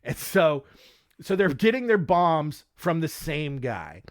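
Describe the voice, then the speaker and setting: Male podcast host, high voice, jokey rambling chat, lots of fillers. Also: sing-song, slow pace. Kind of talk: casual history podcast chat.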